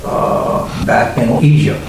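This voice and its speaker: A man's voice: mid-range voice, takes it slowly, heavy reverb, a little hiss or hum, poor audio. A man interjecting during a sermon, musing aloud and searching for a name.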